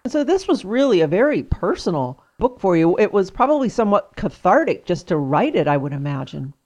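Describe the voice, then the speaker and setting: A woman hosting a radio interview, talking gently and conversationally, affirming her guest. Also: medium pitch, big pitch swings, brisk.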